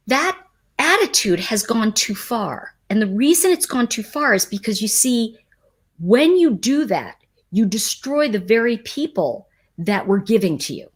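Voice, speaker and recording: A woman hosting a livestream, talking casually and emphatically to her chat audience in a rambling, animated way. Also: medium pitch, normal speed. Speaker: livestream host.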